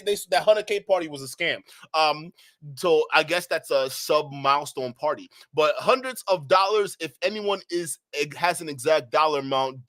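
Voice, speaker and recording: A man doing live reaction commentary as a streamer. He talks in slangy, profane bursts, speaks straight to his chat, and keeps breaking into loud laughter. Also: on the high side.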